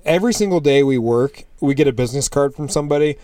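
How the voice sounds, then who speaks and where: A man co-hosting a casual podcast, telling lively stories in a loose way, swearing freely and acting out the people he meets. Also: medium pitch, fast. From United States. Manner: animated storyteller, swears freely, acts out customers. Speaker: podcast co-host. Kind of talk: casual chat.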